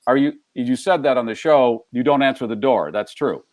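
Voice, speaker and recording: An older host from the United States talks in a joking, playful way and slips in puns as he interviews his guest. His voice is at a middle pitch and sounds close and dry, with no room echo at all. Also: normal speed, darkish tone. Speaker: talk show host. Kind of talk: casual interview chat.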